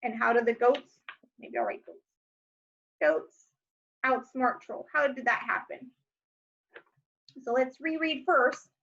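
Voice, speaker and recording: Slow, clear-spoken woman teacher. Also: high-pitched, a bit bright, muffled recording. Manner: clear, slow modeling of each word. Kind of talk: recorded home lesson.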